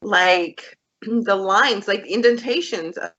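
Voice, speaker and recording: A woman guest on a podcast recounts a personal experience earnestly, with many fillers. Her voice is bright and a little tense. The sound is dull and lo-fi. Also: mid-range voice, slow. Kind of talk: casual storytelling.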